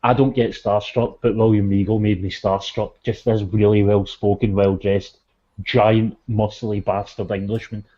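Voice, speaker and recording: Podcast co-host, casual sweary storyteller; dull audio. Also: male voice, fairly low pitch, level tone, moderate pace, dark tone. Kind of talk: casual chat.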